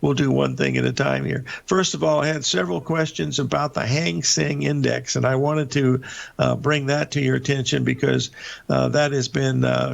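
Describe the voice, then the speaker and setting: A very gravelly older man hosts a live market broadcast, wandering through his charts with folksy asides, plenty of uhs and restarted phrases. The audio is dull and lo-fi. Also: mid-range voice. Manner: rambling, folksy, many filler uhs and restarts. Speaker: market show host.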